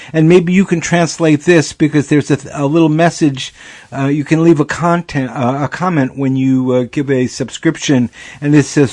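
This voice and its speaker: A man's voice: on the high side, darkish tone. A male radio host leading a pledge drive, upbeat and repeating the call-in number.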